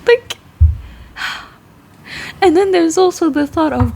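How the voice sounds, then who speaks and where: A woman's voice: extremely high pitch, animated, slow, creaky, long pauses, a little mellow, a little hiss or hum. A woman, a tarot reader chatting loosely to her viewers, laughing often and swearing casually as her thoughts drift. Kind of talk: rambling casual chat to camera.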